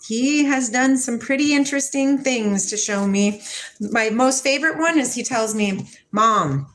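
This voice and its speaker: A woman in her forties from Washington state hosts a casual spiritual livestream, chatting with viewers and reading their comments in a soft, affectionate way, laughing often. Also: sits high, normal speed. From Washington state, USA. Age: 40s. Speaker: livestream host.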